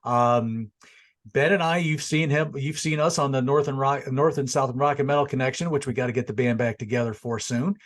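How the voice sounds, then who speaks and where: A man's voice: mid-range voice, fairly even intonation, fairly quick. A man hosting a casual music and wrestling review show, talking in a rambling, laid-back way with frequent restarts. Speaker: show host.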